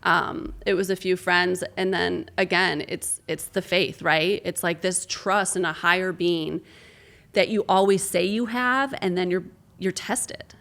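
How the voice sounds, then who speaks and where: A woman in her thirties speaks candidly as an interview guest, with a gravelly, creaky texture running through her lowish voice. She tells a heartfelt story and acts out the conversations she remembers. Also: a little slow, a bit bright. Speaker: sports broadcaster, guest.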